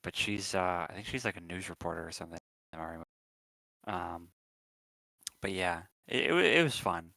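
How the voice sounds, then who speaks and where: A man's voice: sits low, lively intonation, moderate pace, gravelly, long pauses, bright, forceful tone, dry recording, poor audio. A man co-hosting a podcast, chatting casually and rambling with lots of ums and restarts. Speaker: podcast co-host. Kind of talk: casual chat.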